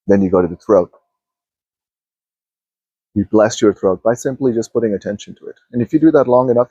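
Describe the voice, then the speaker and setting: Hushed, husky-voiced man guiding meditation. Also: fairly low pitch, dry recording. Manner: slow, hushed and drifting, with sighs and repeated phrases. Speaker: spiritual teacher. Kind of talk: guided meditation talk.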